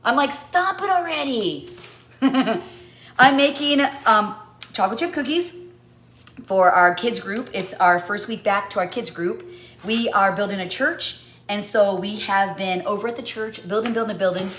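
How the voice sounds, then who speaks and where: A woman's voice: medium pitch, normal speed, fairly bright tone, slight background noise. A woman in her forties hosting a casual baking livestream from her home kitchen, playful and tripping over tongue twisters as she chats. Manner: playful, stumbling through tongue twisters and jingles.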